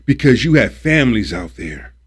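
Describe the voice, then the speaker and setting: Very animated and slightly rough, a livestreamer with a medium-pitched voice rants about politics at a moderate pace. His delivery is preachy, repetitive and emphatic, with swearing when he gets heated.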